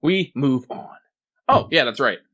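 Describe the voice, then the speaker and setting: A man in his late twenties co-hosting a casual gaming podcast, his pitch swinging with lively energy. He jokes around and leans on "like" as he reads listener mail. The mic is close and dry. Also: a little slow, no room sound, dull audio. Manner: animated, heavy use of "like", jokey.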